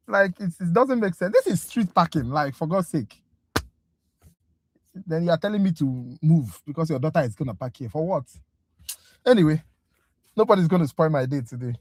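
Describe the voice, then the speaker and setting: A tutor on a casual livestream review class vents at length in an exasperated, talkative rant before getting to the lesson, speaking directly to viewers and calling them "guys." The voice is medium-pitched and expressive with a darkish tone, moving at a normal speed with long pauses.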